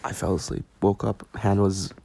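A man's voice: low-pitched, little pitch movement, normal speed, gravelly, mellow, slightly rough, no echo. A young man hosting a podcast from his bedroom, rambling in a goofy, self-mocking way. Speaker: podcast host. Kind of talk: rambling solo podcast chat. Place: bedroom, on a squeaky bed.

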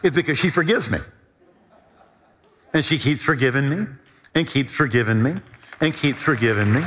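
Animated preaching man in a reverberant hall. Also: moderate pace, background noise. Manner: animated storytelling, rises high for emphasis. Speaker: pastor. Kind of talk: sermon with personal story.

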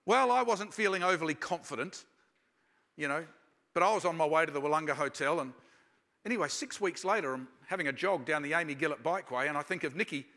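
A man preaching a sermon, telling personal stories in a reflective manner and slowing down for emphasis. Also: on the high side, pushed and bright. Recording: long reverb of a large hall.

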